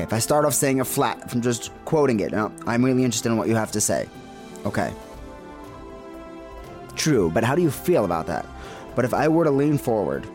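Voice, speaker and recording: A man teaching counseling skills in an instructional talk, earnest and emphatic, with pauses and fillers. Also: mid-range voice.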